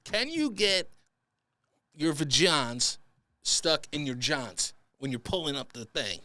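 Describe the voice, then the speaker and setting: A man's voice: a little high, sing-song, slow pace, sharp tone. A young man hosting a comedy podcast, reading listener stories and riffing crudely, often slipping into silly voices. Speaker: podcast host.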